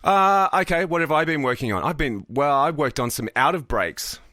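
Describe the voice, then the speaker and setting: A man co-hosting a casual podcast, who guides the conversation with easy teasing. His voice has a bright, forward edge. The sound is dry and close-miked. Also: fairly high pitch, animated, moderate pace, dry recording. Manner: easygoing, teasing, steers the talk. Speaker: podcast co-host.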